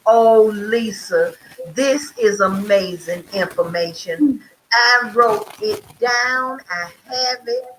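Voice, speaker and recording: A woman's voice: medium pitch, slow pace, a little hiss or hum, poor audio. A woman hosting a live video call, affirming and appreciative toward her guest. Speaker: host. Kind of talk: live-stream chat.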